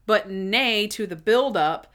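A woman's voice: mid-range voice, takes it slowly, fairly bright tone. A young woman co-hosting a casual chat, recapping episodes in a chatty way. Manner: chatty, acts out scenes in voices.

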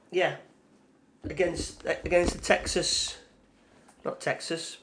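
A man co-hosting a casual podcast, relaxed, adding short replies and then telling his own story. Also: on the high side, slow pace, long pauses, a little hiss or hum. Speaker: podcast co-host. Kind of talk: casual chat.

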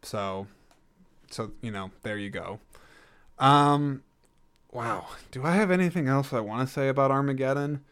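Homem de voz lisa comentando um filme. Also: male voice, medium pitch, expressive, measured pace, pauses often, a bit bright, smooth. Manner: rambling, jokey, self-correcting. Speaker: podcast host reviewing a film. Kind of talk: casual solo film review.

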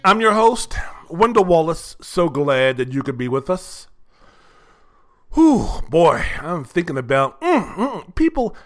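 An older man hosting a solo sports talk show, with a fairly high-pitched voice. He rambles bluntly and profanely, leaning on plenty of fillers as he works through his thoughts. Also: big pitch swings, unhurried, soft background music. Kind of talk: casual solo sports commentary.

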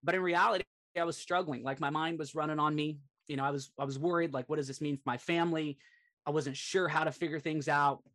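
A man's voice: a little high, fast. A middle-aged man, a performance coach and speaker, earnestly retelling a personal setback as a podcast guest, peppering his talk with "like". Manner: earnest, animated retelling, frequent "like" fillers. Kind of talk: personal storytelling.

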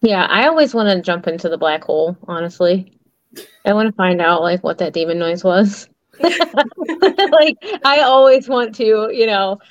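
An excitable woman rambles through a casual podcast chat and acts out what others said. Her voice is dry and close. The audio sounds slightly dull and lo-fi. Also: medium pitch, normal speed, dry recording. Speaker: co-host of a paranormal podcast.

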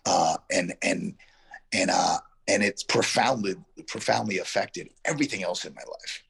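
Deep gravelly man from Yonkers. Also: moderate pace, fairly bright tone. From Yonkers, New York. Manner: rambling, reflective, heavy on fillers. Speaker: guest actor. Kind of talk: casual interview storytelling.

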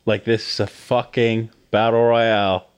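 A young man co-hosting a podcast, talking casually in an animated, slangy way. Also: on the low side, a little slow, clear, resonant tone. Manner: animated, slangy, calls his friend "brother". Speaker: podcast co-host. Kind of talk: casual chat.

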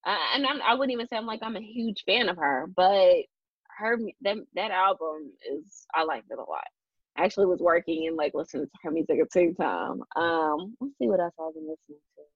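Speaking fairly quickly in a husky, lowish voice, a young woman hosts a casual podcast, rambling through fillers and restarts and laughing frequently. The audio has a dull lo-fi quality with no echo.

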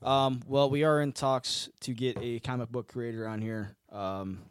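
A man's voice: medium pitch, steady tone, measured pace, clear, resonant tone, no room sound, studio quality. A man co-hosting a podcast, teasing and cracking crude jokes in casual banter. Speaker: podcast co-host.

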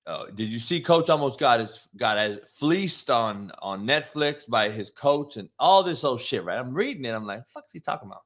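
A man's voice: fairly high pitch, pushed and bright. A man in his forties, a former football coach, telling a blunt, profane, heated story and ranting about disrespectful kids. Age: 40s.

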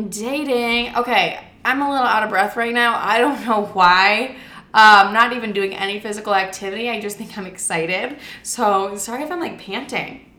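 A young woman chats straight to camera in a casual, blunt way, cursing freely and telling her stories with a playful edge. Her voice sits a little high and sounds bright and forward. The room around her gives it a noticeable echo. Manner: blunt, swearing, playful storytelling. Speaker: vlogger. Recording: roomy echo.

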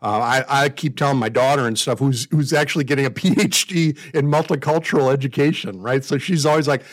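A man's voice: mid-range voice, a little fast. A man in his fifties from the United States, co-hosting a podcast and talking candidly in a rambling, self-deprecating way with frequent restarts. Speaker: podcast co-host. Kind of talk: casual conversation.

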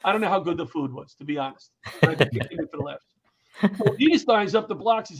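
A man's voice: on the high side, fast talker, slightly rough. A middle-aged man, a comedian and firefighter who tells anecdotes in an interview and acts out the people in them. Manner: animated, acts out the voices in his anecdotes. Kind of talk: storytelling in an interview. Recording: dull lo-fi recording.

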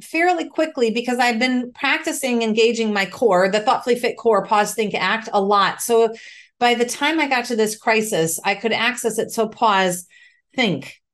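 A middle-aged woman retelling a hard personal story as an interview guest, animated and emotional, acting out the dialogue. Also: on the high side, moderate pace.

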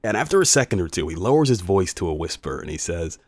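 Animated storytelling man. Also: lowish voice, a little fast, few pauses, no room sound, clean studio sound. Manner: animated, conversational, emphatic. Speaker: radio host. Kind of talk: personal storytelling monologue.

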